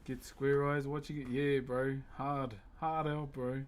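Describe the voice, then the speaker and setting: A man's voice: medium pitch, flat delivery, unhurried. A man with a New Zealand accent hosting a live stream, chatting casually and thanking viewers by name in a friendly, slangy way. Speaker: livestream host.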